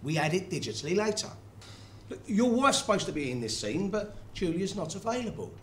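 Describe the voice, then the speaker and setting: A man's voice: high voice, big pitch swings, fairly quick, a little hiss or hum. An actor playing a sarcastic, brusque film director who insults his cast.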